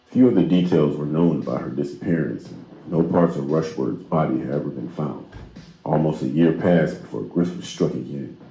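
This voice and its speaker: A man narrating a true crime story in steady, grave scripted narration. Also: very deep voice, normal speed, creaky. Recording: roomy narration with faint music.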